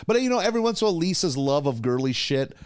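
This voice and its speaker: Lässiger, fluchender Podcast-Mann. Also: male voice, fairly high pitch, sing-song, racing, clean tone, no room sound, clean studio sound. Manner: laid-back, swearing, recaps plot with lots of "yeah". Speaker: podcast co-host. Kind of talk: casual chat recapping episodes.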